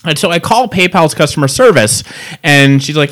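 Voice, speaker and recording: In a fairly high-pitched voice and at a brisk clip, a man swears freely while ranting through a long angry story in casual conversation. He's animated throughout, speaking into a mic fitted with a pop filter.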